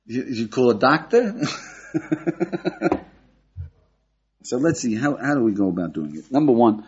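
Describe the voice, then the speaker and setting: An older American man, a rabbi, giving a lively class and checking in with his listeners with a steady "yeah?". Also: medium pitch, brisk, breathy edge. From United States. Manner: animated, questioning the audience, frequent "yeah?". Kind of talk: lively Torah class lecture. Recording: dull lo-fi lecture recording.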